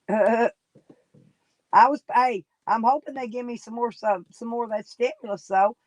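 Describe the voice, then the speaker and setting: A woman's voice: on the high side, steady tone, a little slow, a little mellow, no room sound. Sniffly woman chatting to her stream. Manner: folksy, rambling, talks straight to chat by name. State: sniffly, coughing and sneezing. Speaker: live streamer chatting with viewers. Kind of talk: casual live-stream chat.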